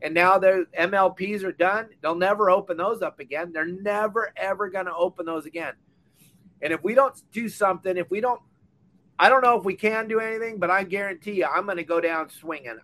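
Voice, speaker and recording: Talking a little fast, this fired-up older man launches into an impassioned rant on a boat or dock. He's a fishing podcast host with a Southern Californian accent and a high, bright voice, and his tone is blunt and scolding.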